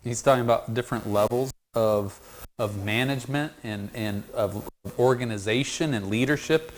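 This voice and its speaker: Leading a Bible study, a mid-range-voiced man works through a passage, pulling answers from the group while talking haltingly and repeating words.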